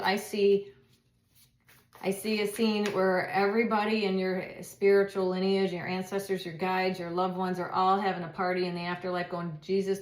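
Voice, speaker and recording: A woman's voice: lowish voice, reverberant. A woman doing a casual tarot reading, chatty and repeating herself, with laughs and swearing. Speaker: tarot reader.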